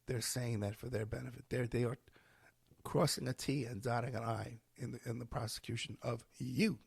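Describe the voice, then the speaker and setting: Hoarse man telling a story. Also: mid-range voice, normal speed, dry recording. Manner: animated, acts out quoted voices. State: hoarse, losing his voice. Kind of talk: casual storytelling and advice.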